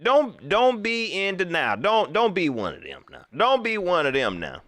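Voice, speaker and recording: A man's voice: high voice, moderate pace. A man hosting a live stream, talking casually and emphatically and repeating his points. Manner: animated, emphatic, repeats phrases.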